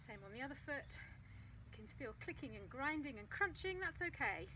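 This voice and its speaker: Chatty woman leading a running warm-up. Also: high voice, big pitch swings, brisk, slight background noise, low-quality recording. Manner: chatty, practical, talks while moving. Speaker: fitness vlogger demonstrating a running warm-up. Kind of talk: casual instructional vlog. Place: outdoors on a path. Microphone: phone propped on a ledge.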